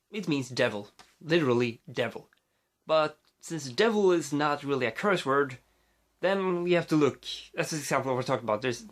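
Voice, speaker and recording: A man from Sweden with a Swedish accent talks straight into his phone's mic. He rambles loosely, restarting his sentences and padding them with fillers, at an ordinary pitch for a man. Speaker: vlogger. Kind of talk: casual rambling vlog.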